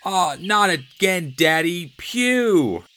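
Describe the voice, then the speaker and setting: A man's voice: high voice, very animated, extremely slow, pushed and bright, voice pushed up, full character voice. A man voicing a small, stubborn boy skunk in a storybook, whiny and insistent.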